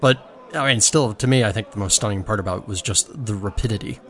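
A man's voice: on the low side, fast talker. A man co-hosting a homebrewing podcast, recapping news in a chatty, exclamatory way. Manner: chatty, exclamatory, lively storytelling. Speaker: podcast co-host. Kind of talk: casual chat.

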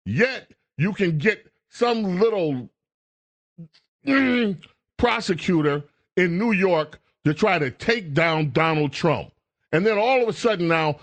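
A man's voice: sits high, lively intonation, takes it slowly. A man hosting a talk radio show, scolding and emphatic in a political commentary rant.

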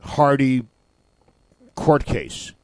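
A man's voice: mid-range voice, lively intonation, extremely slow, a little mellow, dry recording, studio quality. A man co-hosting a casual talk radio show, bantering and laughing easily.

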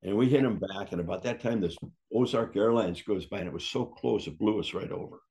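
An older man, once a wrestler, tells a story in a husky, fairly low voice at a fairly quick clip. He's a lively yarn-spinner who acts out what people said and swears freely along the way.

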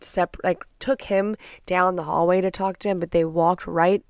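A young woman hosting a podcast, telling a dramatic story in casual, profane, animated speech on a close mic. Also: fairly low pitch, normal speed, clean tone, no room sound. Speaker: podcast host.

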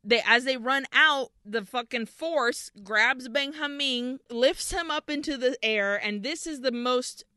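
A woman with a bright, crisp voice that sits a little high, chatting through a horror film's plot for her podcast. She swears freely and slips into the characters' lines as she goes. The sound is close and dry. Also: unhurried, few pauses, dry recording. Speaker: podcast co-host. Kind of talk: casual movie recap.

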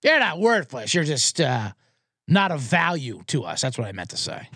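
A man's voice: a little high, wildly swooping pitch, normal speed, bright, forceful tone, breathy edge, no echo. Guy hosting a sports comedy pod, swears a lot, gets worked up, voice jumps all over, dead dry sound. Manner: profane, fired-up ranting. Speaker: podcast host.

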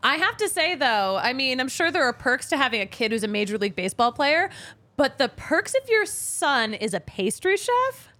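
A woman with a bright, forceful voice hosts a live podcast from a studio. She is upbeat and reacts quickly to her guest, speaking a little higher than most women. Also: very animated, no room sound. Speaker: podcast host.

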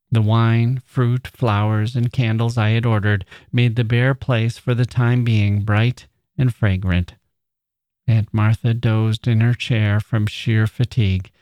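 A man reading a nineteenth-century story aloud as a podcast host, in a measured, deliberate manner. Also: on the low side, darkish tone, dry recording.

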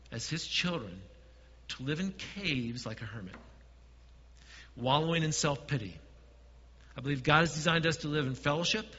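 Bright-voiced man preaching in a hall. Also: on the high side, highs cut off. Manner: preaching with quiet dips and emphatic swells. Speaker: pastor. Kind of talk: sermon.

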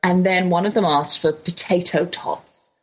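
A middle-aged woman with an English accent, hosting a radio show and telling a chatty, animated story. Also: lowish voice, moderate pace, low-quality recording. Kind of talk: casual storytelling monologue.

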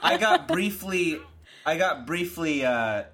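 A man's voice: on the high side, lively intonation, takes it slowly, over a noisy crowd. A man chatting casually as a guest, rambling and laughing between restarts. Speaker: guest musician. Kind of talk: casual chat.

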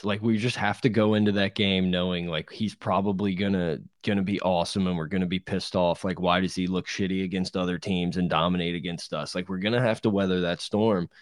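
Deep-voiced man rambling in sports chat. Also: no echo, studio quality. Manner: rambling, hedging, swears casually. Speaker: podcast co-host. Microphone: studio podcast mic.

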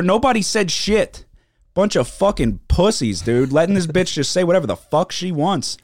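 This man talks in loose, foul-mouthed storytelling, acting out everyone he quotes. His pitch swings widely from line to line. The sound is dry and close, with no room echo. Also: normal speed. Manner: profane, animated, mimics people he quotes. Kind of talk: casual storytelling chat.

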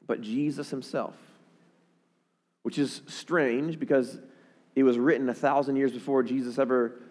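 A man preaching a sermon, often repeating words and rising in pitch and volume as he presses a point. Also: darkish tone, in a large hall. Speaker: pastor.

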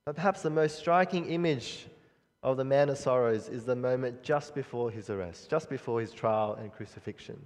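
A man preaching a sermon in an earnest, measured way, pausing and restarting often. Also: mid-range voice. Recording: long reverb of a hall.

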